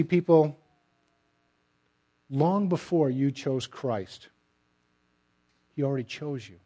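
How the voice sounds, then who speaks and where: A middle-aged man preaching a sermon, emphatic and direct, often letting his phrases trail off softly. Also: on the high side. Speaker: pastor.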